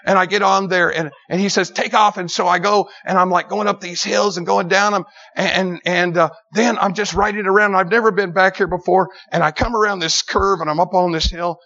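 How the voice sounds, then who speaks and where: A middle-aged male preacher tells stories to a church crowd in an animated, emphatic way, stacking repeated words as the tale builds. His voice sits slightly high for a man. The recording is dull and lo-fi. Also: brisk, hardly any pauses. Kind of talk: storytelling sermon.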